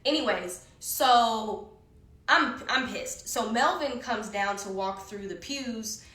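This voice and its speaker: A woman telling a story in casual conversation, animated and heated, swearing often, recorded in an echoey room. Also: on the high side, slow. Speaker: guest storyteller.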